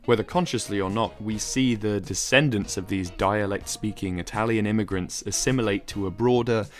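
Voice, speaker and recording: A man giving a measured, explanatory, scripted narration for a video essay. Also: lowish voice, faint music behind.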